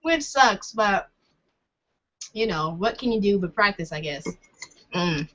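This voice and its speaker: A woman's voice: mid-range voice, animated, takes it slowly, fairly bright tone, a little hiss or hum. A young woman vlogging in a casual chat, rambling and hesitant with many fillers and laughs. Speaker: vlogger answering questions. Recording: dull lo-fi sound.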